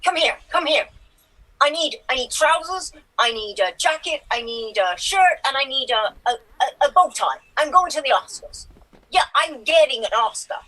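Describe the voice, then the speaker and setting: A blustering, demanding short male film star, as a woman puts him on in improv. The voice is high and bright, with a sound, and the lines pile up in repetitions. Heard over a video call. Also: lively intonation, normal speed, poor audio. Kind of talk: improv comedy impression.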